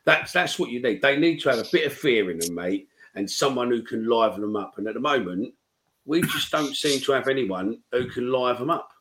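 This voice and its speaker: A man's voice: mid-range voice, animated, brisk, fairly bright tone, slight background noise, low-quality recording. A man co-hosting a casual football chat show, blunt and sweary. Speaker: podcast co-host.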